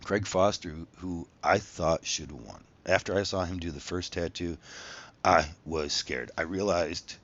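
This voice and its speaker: A man's voice: sits low, measured pace, a bit bright, lo-fi sound. A man telling a story from his own past in a casual monologue, swearing freely and acting out the dialogue with animation.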